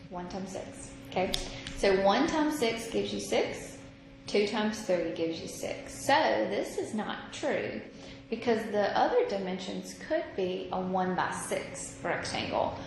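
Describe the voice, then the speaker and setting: Woman, math teacher, slow and patient, echoey noisy room recording. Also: medium pitch, expressive, vocal fry. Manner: slow, patient, thinking aloud. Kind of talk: recorded classroom lesson.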